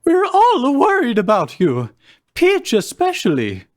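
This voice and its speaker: A host voicing Mario the plumber in a live group fan fiction reading, pitched up high and pleading. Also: wildly swooping pitch, unhurried, exaggerated voice.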